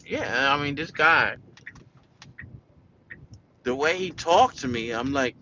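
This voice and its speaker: A man's voice: medium pitch, lively intonation, slow, long pauses, bright, forceful tone, dull audio, slight background noise. An American man venting casually in a candid, profane, rambling monologue, full of restarts. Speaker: vlogger.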